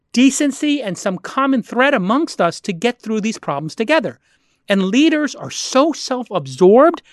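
A man's voice: very high-pitched, no echo, studio quality. Impassioned, profane man ranting on a podcast. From United States. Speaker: podcast guest. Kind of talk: heated podcast rant.

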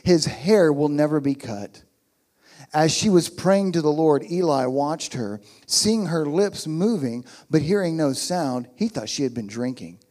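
A man's voice: a little high, animated, measured pace, a little mellow. A man preaching a sermon as pastor, emphatic and repeating his key phrases.

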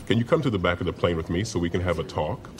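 An actor playing a stern, authoritative air marshal in a comedy sketch. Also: male voice, low-pitched, lively intonation, rapid-fire, background noise. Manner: firm, stern.

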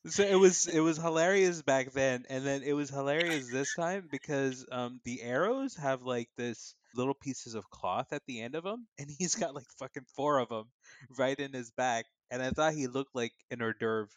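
A man's voice: medium pitch, moderate pace, no echo. A man in casual chat, wry and teasing, who laughs often while recalling a film. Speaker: podcast co-host.

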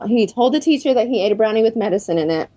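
A woman's voice: on the high side, animated, very fast, dark tone. A woman in her thirties, a guest in an interview, candidly telling her own story of recovery. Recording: dull lo-fi recording.

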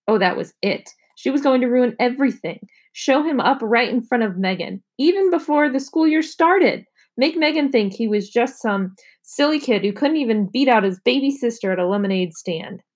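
A woman's voice: a little high, lively intonation, normal speed. Woman reading a children's book aloud.

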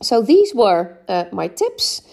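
A woman hosts a solo podcast as an English speaking coach, offering encouraging tips on speaking. Her voice is medium-pitched, gravelly and dark, with a slow, sing-song delivery peppered with "um"s and checks like "right?"

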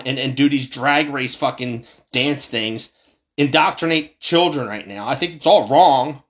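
A man from the United States delivering a heated political rant, passionate and profane, his voice jumping high and then dropping low. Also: fairly bright tone. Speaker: commentator.

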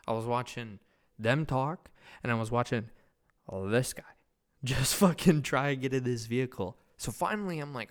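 A man's voice: mid-range voice, moderate pace. A young man hosting a podcast, telling a loose, profane, rambling anecdote in casual chat. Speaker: podcast host.

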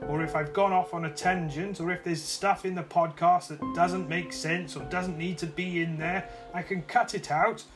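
Deadpan man, mock-serious podcast. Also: sits high, moderate pace, hardly any pauses. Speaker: podcast host. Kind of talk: deadpan comic monologue. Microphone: phone microphone. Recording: music bed underneath.

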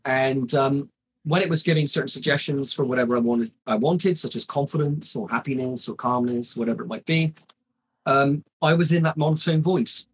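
A man's voice: medium pitch, normal speed, fairly bright tone, husky, poor audio. A man in his forties, a hypnotist, telling his story in a casual interview with many restarts and fillers. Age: 40s. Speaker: hypnotist guest.

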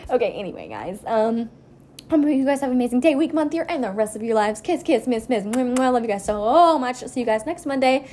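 A young woman co-hosting a casual podcast, giggly and excitable as she chats. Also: on the high side, a little fast, a little hiss or hum. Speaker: podcast co-host. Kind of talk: casual chat.

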